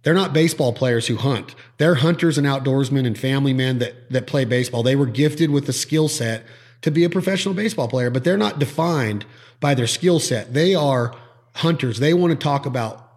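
A podcast host chats casually in a mid-range voice at normal speed, telling stories and animatedly acting out the voices of the people he quotes.

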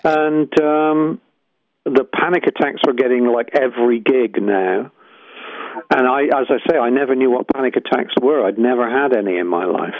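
Brief: male musician guest, halting and reflective, tinny phone-quality recording. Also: medium pitch. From England. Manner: hesitant, searching, many restarts. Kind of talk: reflective interview storytelling.

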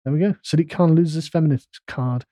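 A man's voice: a little high, fairly quick, mellow, no room sound. A man hosting a podcast discussion, reading out an article and mocking it with sardonic asides. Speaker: podcast host. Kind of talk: casual discussion.

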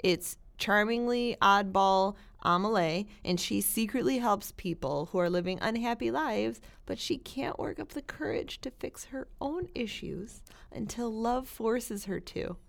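A woman co-hosting a casual talk show, recommending feel-good films in a bubbly, animated way and laughing often. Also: fairly high pitch, a little slow, creaky, few pauses. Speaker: podcast co-host.

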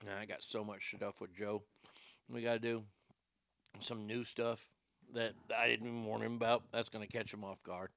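A man's voice: on the low side, level tone, normal speed, vocal fry, fairly bright tone. A man hosting an internet radio show, rambling through a profane, joking comedy monologue into a studio mic.

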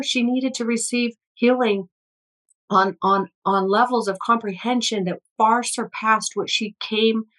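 A woman's voice: on the high side, rough recording. A woman guest, an energy healer, telling stories in an earnest, flowing way, with frequent restarts and fillers. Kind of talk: conversational storytelling interview.

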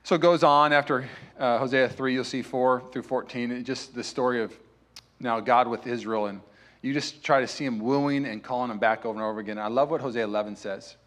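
A young adult man preaching a sermon as pastor in a church sanctuary, building to loud, impassioned peaks. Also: medium pitch, steady tone, fairly quick.

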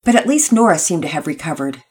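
A woman narrating a children's story in an expressive reading voice. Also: sits low, quick pace, husky.

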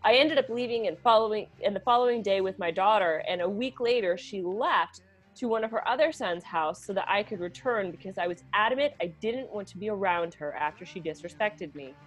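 A woman co-hosting a comedic advice podcast, reading listener letters aloud and then mulling them over in a chatty, halting way. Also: medium pitch, faint music behind. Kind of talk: casual comedic podcast chat.

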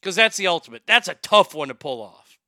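A man hosting a crude comedic talk show, profane and excitable, laughing at his own jokes. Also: high-pitched, a little fast, no room sound, clean studio sound. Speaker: show host.

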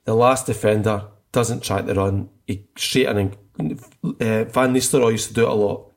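A man's voice: fairly low pitch, steady tone, normal speed, creaky. A middle-aged man co-hosting a casual football chat, enthusiastic and rambling, often restarting his sentences. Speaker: podcast co-host.

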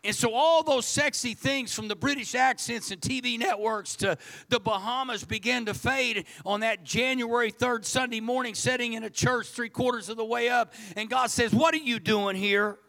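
A man's voice: very high-pitched, fairly even intonation, moderate pace, pushed and bright. A man preaching a sermon, telling a personal story in a folksy, repetitive way. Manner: folksy, storytelling, repeats words. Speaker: pastor.

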